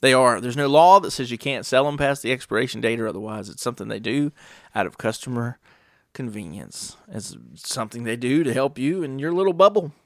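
A gravelly-voiced man holds forth in a loose, rambling monologue. He swears freely and keeps firing rhetorical questions at the listener. The sound is close and dry, with no room echo. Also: mid-range voice, brisk. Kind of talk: casual monologue.

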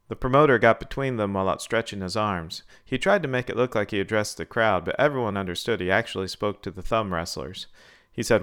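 A man narrating a scripted story in a steady, measured reading. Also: fairly low pitch, smooth.

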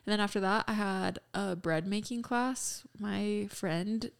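Her voice is medium-pitched, gravelly yet smooth, delivered at a measured pace. A young woman co-hosting a podcast, she tells stories in casual chat, giggly and chatty, using lots of "like"s.

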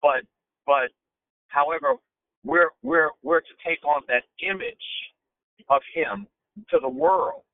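A man's voice: on the high side, slow pace, pauses often. A man, a pastor hosting a phone-in prayer call, talking in a preacherly way that keeps repeating and restarting phrases. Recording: phone-line audio.

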